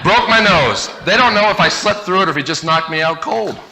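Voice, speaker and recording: Man, bright forceful voice, comic storyteller at a live talk, animated delivery. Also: a little high, quick pace, creaky, some chatter behind, slight background noise. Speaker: motivational speaker. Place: stage before a live audience.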